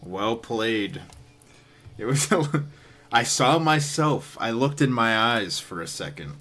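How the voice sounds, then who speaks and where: A man's voice: medium pitch, sing-song, measured pace, bright, forceful tone. A man streaming live, giving casual, dry and sarcastic commentary.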